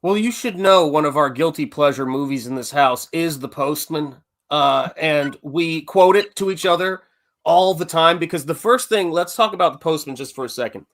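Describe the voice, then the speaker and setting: A man's voice: fairly high pitch, normal speed, a bit bright. Man chatting on a show. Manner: rambling, self-correcting, enthusiastic fan talk. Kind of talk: casual chat about movies.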